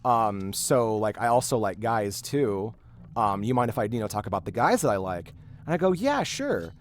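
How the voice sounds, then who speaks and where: A man's voice: on the low side, moderate pace, slight background noise. A man hosting a game stream, telling a story in casual chat with many restarts and fillers. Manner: rambling, animated storyteller with frequent restarts. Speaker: streamer host.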